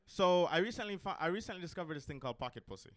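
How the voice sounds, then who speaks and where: Racing along with lively intonation, a high-voiced man from Jamaica delivers a stand-up set to an audience in a comedy club. There's slight hiss or hum in the audio, and his rambling is dotted with ums between crude gags.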